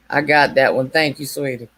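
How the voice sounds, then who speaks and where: A woman's voice: extremely low pitch, fairly bright tone. A woman hosting a casual late-night livestream, chatting with viewers by name and laughing often. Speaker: livestream host.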